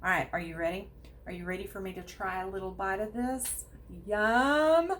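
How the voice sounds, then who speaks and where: A woman's voice: quick pace, a little hiss or hum. A middle-aged woman casually demonstrating kitchen products to viewers, chatty and upbeat. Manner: chatty, upbeat, lively pitch.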